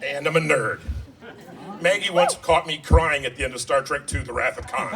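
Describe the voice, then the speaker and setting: A man giving a wedding toast as father of the bride, joking about himself and getting emotional. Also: on the high side. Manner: self-deprecating, joking, emotional. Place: wedding reception hall. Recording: distant mic, loud crowd noise. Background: crowd and laughter.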